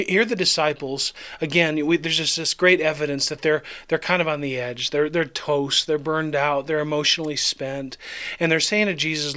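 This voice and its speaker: Pastor, male, slightly higher voice, relaxed conversational devotional teaching, reads verses aloud. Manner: conversational, reads scripture then acts out the disciples.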